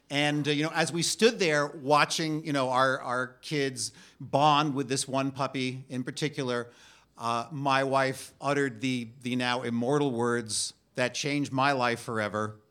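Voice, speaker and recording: A middle-aged man telling a funny personal story on stage, halting and self-deprecating with frequent restarts. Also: mid-range voice, bright, forceful tone, smooth.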